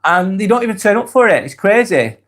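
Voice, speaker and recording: A man hosting a live stream, reading viewers' comments aloud and chatting back in a relaxed, easygoing way. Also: sits high, a little fast. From England. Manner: laid-back, chatty, trails off softly at phrase ends.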